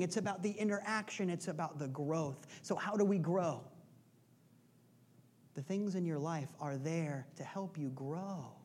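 A pastor preaching a sermon in a conversational, joking way, asking rhetorical questions again and again and sometimes dropping to a soft, hushed delivery. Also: medium pitch.

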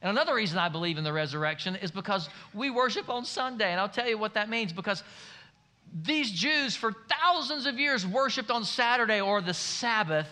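A man preaching a sermon in a church, telling the story in a folksy, joking way. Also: fairly quick. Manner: folksy, humorous storytelling with lively swings in pitch. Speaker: pastor.

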